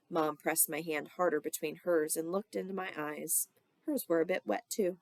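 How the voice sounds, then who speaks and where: A woman teacher reading a children's novel aloud, giving the characters lively voices. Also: fairly low pitch, normal speed, creaky, dry recording. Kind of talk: storybook read-aloud.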